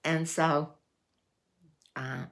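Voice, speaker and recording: A woman's voice: low-pitched, little pitch movement, drawn-out words, vocal fry. A woman, telling a story in a folksy, meandering way as a vlogger. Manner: folksy, meandering with restarts and fillers. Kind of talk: casual storytelling.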